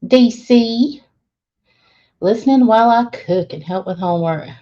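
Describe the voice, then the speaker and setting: In a laundry room, a woman hosts a casual live stream, greeting viewers one by one and laughing often. Her voice is on the high side, mellow and unhurried, and the stream audio sounds dull and lo-fi.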